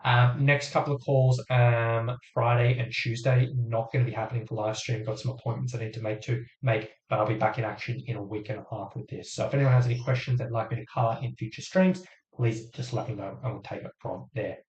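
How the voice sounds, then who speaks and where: A man coaching viewers through a live Q&A on a stream, talking casually and step by step with frequent ums. His voice is getting hoarse after a long session. The room gives off a noticeable echo. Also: medium pitch, steady tone, a little fast, highs cut off. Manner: chatty, explains step by step with many fillers. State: voice going hoarse. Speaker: fitness coach hosting a live Q&A. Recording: roomy echo.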